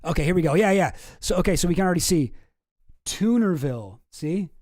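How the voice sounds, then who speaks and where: A wry, rambling man riffs casually on cartoon captions, his voice a bit higher than most men's and mellow in tone. He is recorded close and dry, with no room sound, as if at a home desk. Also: animated, fairly quick, no echo. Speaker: host. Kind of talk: casual commentary reading cartoons aloud.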